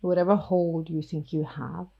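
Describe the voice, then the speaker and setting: A woman's voice: deep voice, fairly even intonation, normal speed, vocal fry, husky, lo-fi sound, full character voice. A woman voicing a defiant, protective male vampire who speaks coldly and firmly. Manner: cold and firm.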